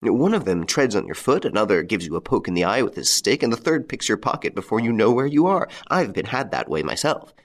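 A man reading aloud voices a brisk, talkative swindler posing as a police inspector. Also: on the low side, very animated. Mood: chatty. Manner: brisk, bluff, chatty.

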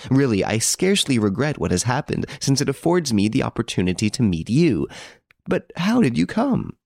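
A man voicing an excitable, effusive middle-aged French château owner who pleads anxiously. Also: medium pitch, fast talker, creaky, dry recording, studio quality, voice pushed up.

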